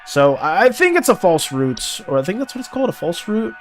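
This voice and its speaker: Chatty streamer, animated voice, reads out game text and greets chat, faint music behind. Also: medium pitch, fairly quick. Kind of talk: casual game commentary.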